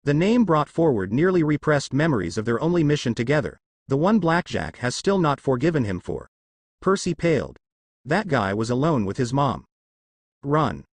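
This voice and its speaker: A man narrating fan fiction aloud in a lively storytelling manner. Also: medium pitch, moderate pace, no room sound.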